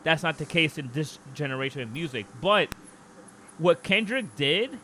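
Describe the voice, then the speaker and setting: Bright-voiced man arguing on a podcast. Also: on the high side, normal speed, a little hiss or hum. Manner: animated, opinionated, mimics other people mid-sentence. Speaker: podcast co-host. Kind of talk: casual podcast chat.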